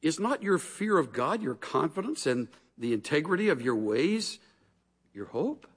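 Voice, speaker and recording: A man's voice: a little high, sing-song, measured pace, breathy edge. A man preaching a sermon in a large hall, telling stories with animation and acting out voices from scripture. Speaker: pastor. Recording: long hall reverb.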